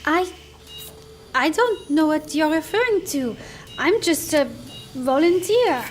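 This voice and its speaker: An actress playing an earnest, gentle young woman. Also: sits high, expressive, slow. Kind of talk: game cinematic voice acting.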